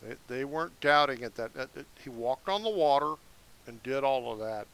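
A man's voice: medium pitch, a bit bright, clear, resonant tone. A man reading scripture verse by verse, breaking in with casual explanatory asides. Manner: slow, deliberate reading broken by casual asides. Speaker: Bible teacher. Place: seated indoors.

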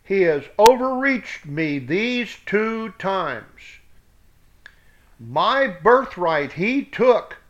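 A man's voice: high voice, big pitch swings, drawn-out words, background noise, full character voice. A man reading as a pleading desperate son. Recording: dull lo-fi recording.

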